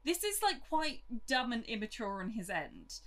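A young woman with a bright, sharp-edged voice talks casually as a podcast co-host. She is chatty and agreeable and fills her sentences with easy fillers. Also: a little high, big pitch swings, normal speed. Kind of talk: casual book discussion.

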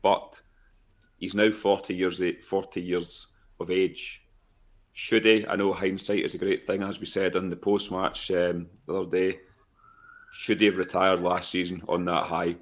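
Deep-voiced male co-host, frank and animated in casual chat. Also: a little slow. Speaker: podcast co-host.

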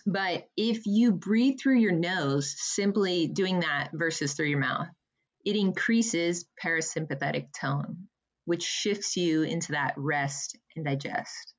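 Brief: woman, lower-pitched, energetic coach explaining breathing, emphatic and chatty. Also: slow pace. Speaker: breathwork guest. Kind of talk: podcast conversation, guided breathing.

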